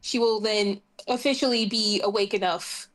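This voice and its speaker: A woman's voice: mid-range voice, steady tone, moderate pace, a little hiss or hum. A woman player describing her character's actions in a tabletop game, giggling and filling her talk with "like". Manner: giggly, full of "like" fillers.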